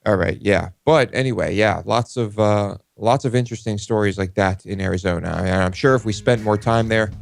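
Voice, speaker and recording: A man's voice: fairly low pitch, a little fast, gravelly, few pauses, no room sound, clean studio sound. A man co-hosting a talk show, chatting casually and hesitantly with many filler sounds. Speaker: co-host. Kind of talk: casual chat.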